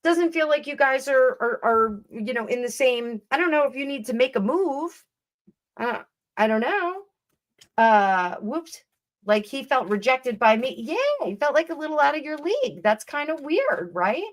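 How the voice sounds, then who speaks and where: A woman with a high, very animated voice hosts a live tarot stream at an unhurried pace. As a tarot reader, she chats casually and rambles, often laughing and restarting her sentences.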